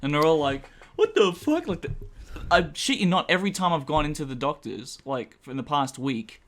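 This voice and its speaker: A man's voice: fairly high pitch, a little fast, a bit bright. A man co-hosting a casual podcast, laid-back and sweary, with lots of fillers. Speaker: podcast co-host.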